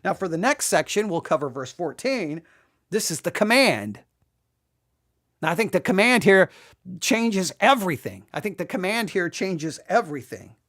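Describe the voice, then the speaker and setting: A Bible teacher giving an exegetical study, talking in an animated way, acting out quoted lines and often restarting sentences. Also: mid-range voice, moderate pace. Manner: animated, acts out quoted speech, frequent restarts.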